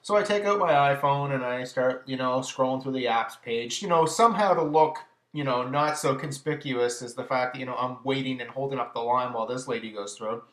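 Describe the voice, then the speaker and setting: A man's voice: medium pitch, brisk, hardly any pauses. A man hosting his own vlog, telling an everyday story in a chatty, exasperated way with lots of fillers. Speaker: vlog host. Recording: echoey room.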